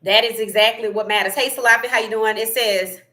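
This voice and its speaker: Female streamer-host, bright tone, casual and animated, reads chat and riffs. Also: fairly high pitch, brisk. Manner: animated, opinionated, laughs often. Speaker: sports talk livestream host. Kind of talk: casual livestream commentary reading chat.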